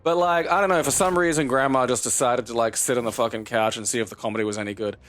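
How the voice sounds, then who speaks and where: A man's voice: medium pitch, fairly even intonation, fast talker, fairly bright tone. A man co-hosting a gaming video, telling a long story in casual chat and swearing often as he plays. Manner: rambling, profane storytelling. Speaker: co-host of a gaming channel. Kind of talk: casual chat while playing a game.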